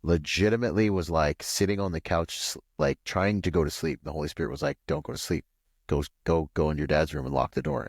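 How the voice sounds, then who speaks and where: A man from Washington State, a podcast guest, telling a long personal story in a rambling, animated way full of "like" and "you know.". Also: brisk, gravelly, dry recording, studio quality. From Washington State, USA. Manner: acts out quoted voices with pitch jumps. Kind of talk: casual storytelling interview.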